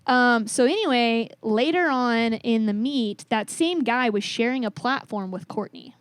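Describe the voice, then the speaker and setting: A woman weightlifting coach, a podcast guest, telling stories in a casual, animated way and swearing now and then. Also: fairly high pitch, measured pace, clean tone, no room sound. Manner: animated, acts out both sides of remembered conversations, swears casually. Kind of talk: casual interview storytelling.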